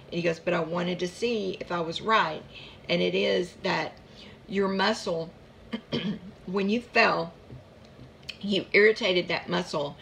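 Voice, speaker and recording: A woman's voice: lowish voice, gravelly, a bit bright, a little hiss or hum. A woman casually telling a long personal story about her chronic pain, chatty and rambling, with many asides.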